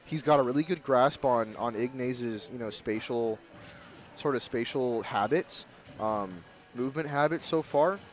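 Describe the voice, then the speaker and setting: Young male caster, easygoing and chatty, talks in slang, mid-pitched. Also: a little slow. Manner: laid-back, chatty, slangy. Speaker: esports commentator. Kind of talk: casual live game commentary.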